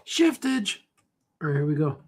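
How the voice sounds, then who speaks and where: A man's voice: medium pitch, unhurried, a little mellow, slightly rough. A man, a cartoonist, chatting casually while he draws, rambling playfully and joking to himself. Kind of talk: casual chat while drawing.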